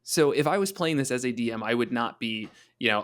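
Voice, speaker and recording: A man co-hosting a podcast about tabletop games, talking in an easy, conversational way. He thinks out loud and sometimes slips into quick voices for his players. His voice sits at an ordinary middle pitch. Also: animated, smooth. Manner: thoughtful, chatty, acts out quick quoted voices. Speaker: podcast co-host discussing tabletop monsters. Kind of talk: casual discussion of game design.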